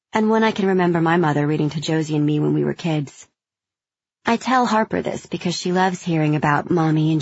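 A woman narrating a first-person audiobook in a measured, gentle storytelling manner. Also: deep voice, creaky, breathy edge, no room sound, lo-fi sound.

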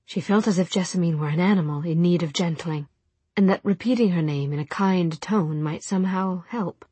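Breathy woman narrating a novel. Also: fairly low pitch, fairly quick, mellow, no echo. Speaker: audiobook narrator. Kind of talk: scripted narration.

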